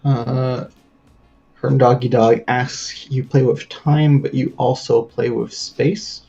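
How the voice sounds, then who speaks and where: A man on a livestream reading viewer questions aloud, measured with fillers. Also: medium pitch, steady tone, creaky, warm tone, lo-fi sound, soft background music.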